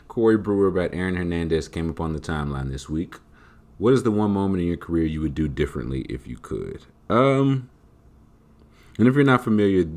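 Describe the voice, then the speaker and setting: A man hosting a podcast, answering listener questions in a joking, animated, casual way. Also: deep voice. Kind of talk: casual chat.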